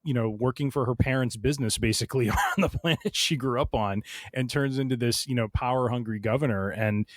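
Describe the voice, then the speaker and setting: A man's voice: mid-range voice, fairly quick, no echo. Rambling man on a dry mic. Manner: rambling, many restarts and fillers. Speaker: podcast host. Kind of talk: casual book discussion.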